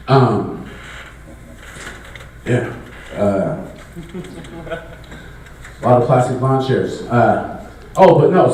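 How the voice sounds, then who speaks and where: A man with a high voice works the crowd in a loose, conversational stand-up set. The sound is distant and strongly echoey, with faint noise underneath. He riffs casually between bits. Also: warm tone. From Bay Area. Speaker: stand-up comedian. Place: live comedy show in a large echoey venue. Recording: very echoey venue audio picked up from afar, faint noise.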